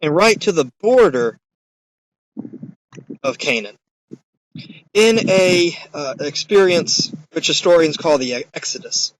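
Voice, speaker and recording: A man's voice: on the high side, lively intonation, slow, long pauses, a little hiss or hum, rough recording. A man giving a recorded course lecture in a conversational, emphatic way, with occasional fillers.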